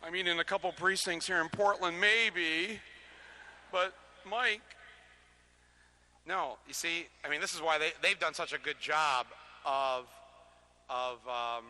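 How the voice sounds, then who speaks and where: His voice is a little high and sharp, a bit slow, with long pauses. Speaking into an amplified stage microphone before an audience at a public lecture venue, this touring man delivers a live political talk with comic asides, chatty and joking, restarting often and chuckling between points.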